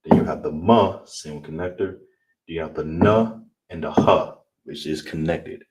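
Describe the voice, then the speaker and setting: A man's voice: a bass voice, moderate pace, a little mellow. A man teaching a language class online, spelling out each word and checking in with "all right?" as he goes. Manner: repeats words, frequent "all right?". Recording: distant mic with noise.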